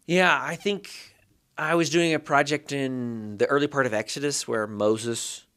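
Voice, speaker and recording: A man's voice: mid-range voice, a little slow, fairly bright tone, clean tone. A man with a mid-range voice speaks as a podcast guest who teaches Hebrew. He explains carefully, laying out one point after another in an easy conversational way. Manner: thoughtful, building points step by step. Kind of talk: explanatory interview talk.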